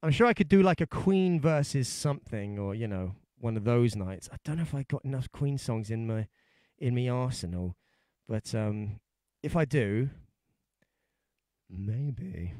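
A man's voice: medium pitch, animated, moderate pace, dark tone, no room sound, studio quality. A man with a London accent hosting a casual livestream, chatting and telling stories in a rambling, jokey way with lots of restarts. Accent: London English. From London, England. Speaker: singer-songwriter livestream host. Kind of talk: casual livestream chat and storytelling.

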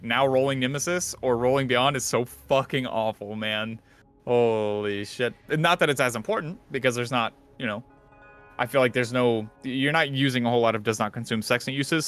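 A man hosting a casual gaming podcast, rambling and animated, swearing casually. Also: mid-range voice. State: out of breath. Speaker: podcast host.

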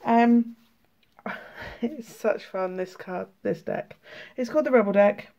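A woman's voice: on the high side, slow, mellow, dull audio. A British woman with a sore throat, chatting casually and laughing while she reads out oracle cards, swearing freely. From United Kingdom. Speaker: tarot and oracle card vlogger. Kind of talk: casual card flip-through, reading cards aloud.

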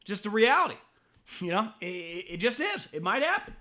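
Blunt, high-voiced sports talk man. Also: very animated, fairly quick. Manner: blunt, profane, stammering restarts; mocks critics in a high shouting voice. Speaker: podcast host.

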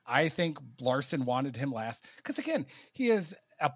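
A man co-hosting a sports podcast, chatting casually in an animated way that is full of stammered restarts. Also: a little high, a little slow, hardly any pauses, no room sound. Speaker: podcast co-host.

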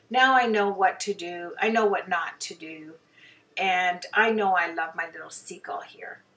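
A woman's voice: mid-range voice, fairly bright tone, distant mic. A woman hobby painter chatting casually over her own painting, rambling and poking fun at herself, with plenty of fillers. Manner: chatty, rambling, self-deprecating, many fillers.

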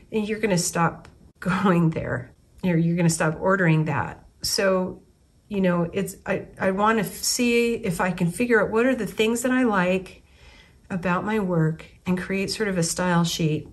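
A woman in her forties, an artist from the United States, talking through her thoughts in a loose, unscripted way. She often stops and restarts her sentences as she works out what she means. Her voice sits a little low for a woman. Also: breathy edge. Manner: rambling, thinking aloud with restarts. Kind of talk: casual spoken reflection.

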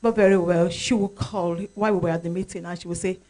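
A woman's voice: lowish voice, steady tone, quick pace, few pauses, dark tone, low-quality recording. A woman with a Nigerian accent giving a tribute speech at an event, telling stories with animation and acting out the voices of others. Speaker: tribute speaker. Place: event hall.

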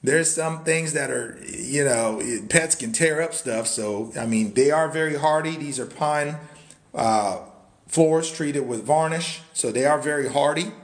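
A man's voice: on the high side, a little slow. A man, hosting a hyped live tour of a wooden cabin, full of hype-man catchphrases and sudden whoops. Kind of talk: hyped live sales stream. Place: indoors in a wooden cabin, moving around.

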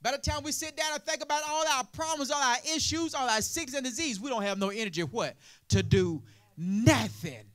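A man preaching a sermon as pastor, throwing out "what?" prompts to the congregation and building to loud, emphatic passages. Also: very high voice, fairly quick.

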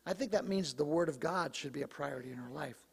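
A man preaching from the pulpit, his pitch sitting high for a male voice and a little hoarse. He talks to the congregation in a loose, joking way. The sound carries the long reverb of a church sanctuary. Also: fast talker. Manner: conversational, joking asides. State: slightly hoarse, clearing throat. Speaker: pastor. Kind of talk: sermon.

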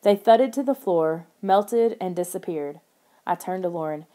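A woman narrating a children's horror audiobook in the first person, steady and expressive. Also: on the low side, unhurried.

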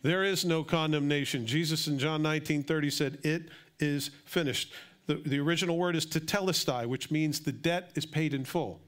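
A middle-aged male pastor giving a sermon, swinging from quiet, intimate asides up to loud, excited emphasis. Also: fairly high pitch, a little fast, hardly any pauses.

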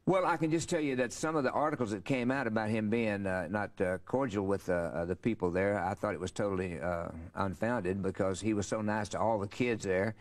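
A man's voice: lowish voice, a little fast, few pauses. An older man, telling rambling, folksy stories as an interview guest. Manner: rambling, folksy storyteller with many fillers. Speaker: interview guest, country singer. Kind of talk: casual storytelling interview.

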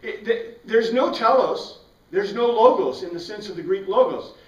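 A man's voice: high voice, animated, moderate pace. A man teaching a Bible class, questioning his students and answering his own questions. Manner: asks the class questions and answers them himself. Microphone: far from the mic. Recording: roomy, distant, dull classroom recording.

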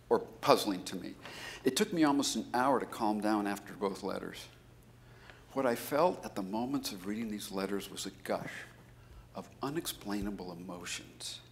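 Professor guy doing a keynote, tells stories with lots of energy, voice shoots up high when he gets worked up. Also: slight background noise. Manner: animated storyteller, jumping into high emphatic bursts. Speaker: keynote speaker, business school professor. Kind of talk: conference keynote.

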